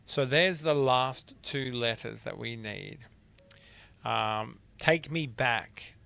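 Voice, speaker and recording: Male let's-player, bright gravelly voice, trips over words reading out notes. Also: mid-range voice, takes it slowly. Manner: chatty, stumbling over words while reading. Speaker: gamer playing through a mystery game. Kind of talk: let's play commentary, reading letters aloud.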